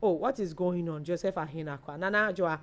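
A woman's voice: lowish voice, fairly quick, slight background noise. A Ghanaian woman co-hosting a live online chat show, chatting as she reads out viewer names and messages. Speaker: co-host reading viewer comments.

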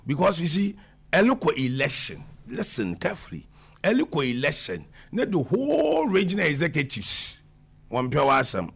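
A man, answering questions in an animated conversational interview and mixing English with Twi. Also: a little high, normal speed, vocal fry, breathy edge. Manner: mixes English with Twi, talks over the interviewer.

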